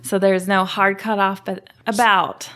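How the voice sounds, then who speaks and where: A woman guest on a podcast, explaining how her distillery works in a relaxed, chatty way and laughing easily. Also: medium pitch, unhurried. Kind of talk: casual podcast interview.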